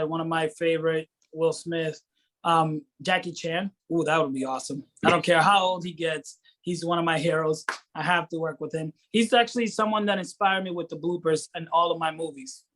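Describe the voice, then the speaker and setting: A man's voice: a little high, steady tone, normal speed, a bit bright. A man from Rhode Island, a guest in a casual interview, talking with enthusiasm and rambling as he searches for words. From Rhode Island, USA. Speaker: guest actor and filmmaker.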